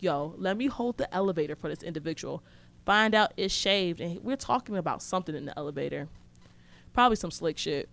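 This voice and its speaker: A young woman telling a story in casual, slangy speech, blunt and sarcastic. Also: fairly low pitch.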